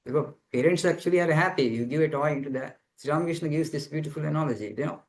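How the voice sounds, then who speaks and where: A man's voice: fairly high pitch, fast talker, low-quality recording. Man, monk, spiritual teaching talk, earnest, explanatory, repeats his phrases, video call audio. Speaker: monk answering students' questions.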